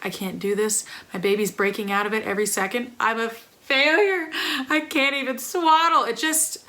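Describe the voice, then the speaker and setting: Young woman vlogger, casual and emphatic, bright and a little high. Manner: chatty, emphatic, many fillers. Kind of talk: casual chat to camera.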